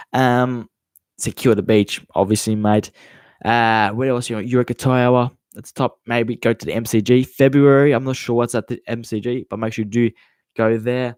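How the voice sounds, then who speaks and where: A man's voice: medium pitch, darkish tone, no room sound. A nineteen-year-old Australian man hosting a casual podcast Q&A, rambling and swearing freely, calling listeners mate. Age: teens. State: hot and sweaty. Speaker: podcast host. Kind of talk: casual live Q&A chat.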